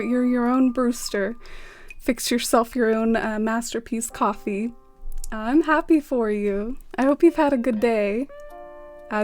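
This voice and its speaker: A woman's voice: a little high, darkish tone. A young woman streaming a game, chatting bubbly and giggly with her viewers, full of "like". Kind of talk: casual live-stream chat.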